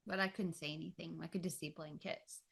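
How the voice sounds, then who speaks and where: A woman on a podcast quietly recounting a painful birth experience in her own words. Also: fairly low pitch, steady tone, fairly quick, vocal fry, husky. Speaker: podcast co-host. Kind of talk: personal storytelling.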